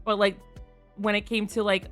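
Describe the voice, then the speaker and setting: A woman streamer chatting casually on a live stream, frank and quick to laugh, swearing freely. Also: mid-range voice, flat delivery, fairly bright tone, soft background music.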